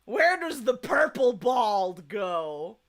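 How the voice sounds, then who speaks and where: A woman's voice: a little high, big pitch swings, slow pace. A young woman with a Southern US accent chatting casually on a live stream, laughing often and swearing freely. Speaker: streamer chatting with her chat.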